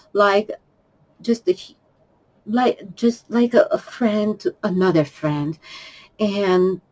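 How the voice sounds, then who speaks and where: Tearful woman speaking slowly, halting. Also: medium pitch, rough recording. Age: 50s. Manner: halting, repeats words, emotional pleading. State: tearful, crying at times. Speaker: vlogger. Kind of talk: personal confessional vlog.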